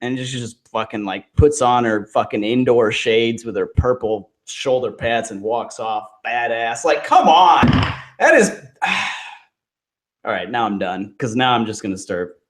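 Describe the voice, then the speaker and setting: A man co-hosting a casual wrestling podcast, ranting quickly and exasperated. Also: on the low side, fairly even intonation. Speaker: podcast co-host.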